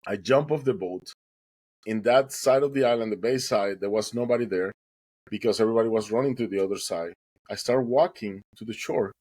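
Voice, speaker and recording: A man's voice: lowish voice, a little fast, darkish tone, no room sound, poor audio. Earnest man recounting his rescue. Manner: earnest, dramatic retelling with acted quotes. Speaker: podcast guest. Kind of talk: personal storytelling.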